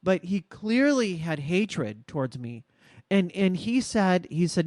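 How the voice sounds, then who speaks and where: A woman's voice: on the low side, very animated, a little mellow, dry recording, studio quality. Earnest, reflective woman podcast host. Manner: reflective storytelling, measured and earnest. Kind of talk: casual podcast conversation.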